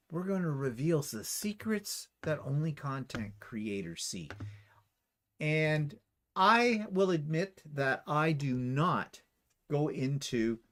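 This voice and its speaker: A man's voice: mid-range voice, fairly bright tone. Chatty Canadian man hosting a livestream. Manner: chatty, rambling, self-deprecating, many fillers. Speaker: YouTube quilting channel co-host. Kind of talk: casual livestream chat.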